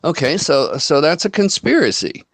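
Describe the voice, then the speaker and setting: A man's voice: fairly high pitch, sing-song, normal speed, no echo. A man hosting a casual online chat, telling folksy stories and acting out what people said. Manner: folksy storyteller, quotes people in dialogue.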